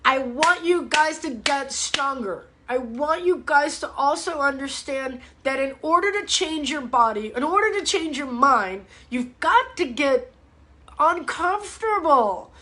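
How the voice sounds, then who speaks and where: A woman's voice: high voice, animated, unhurried, sharp tone, slight background noise. A woman fitness coach hosting a casual live-stream show, talking bluntly and with fired-up energy, teasing her viewers and swearing freely. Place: home, speaking to a live audience online.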